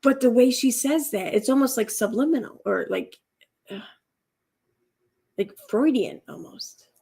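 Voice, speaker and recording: A woman's voice: on the high side, a little slow, gravelly, warm tone, husky. A woman commentating casually on a clip, musing with sarcasm and many fillers.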